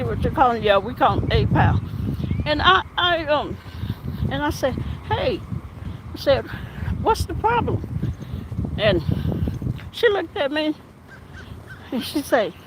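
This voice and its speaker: A woman police officer telling a story while walking outdoors, animated and acting out the back-and-forth. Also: high voice, unhurried, pauses often, noisy background. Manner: animated, acts out quoted exchanges. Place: outdoors on an urban street.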